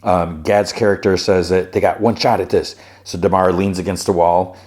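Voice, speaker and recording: A man hosting a podcast, casually recapping a TV episode in a loose, rambling way and putting on higher voices when he quotes characters. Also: little pitch movement, normal speed, a little mellow. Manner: slips into raised-pitch voices for quoted characters; loose, rambling, restarts often.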